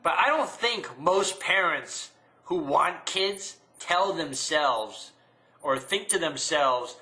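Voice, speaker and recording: A man's voice: on the high side, lively intonation, takes it slowly, pushed and bright. A young man talking straight to camera in a casual, sarcastic rant, laughing at his own jokes. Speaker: vlogger. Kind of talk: casual ranting monologue.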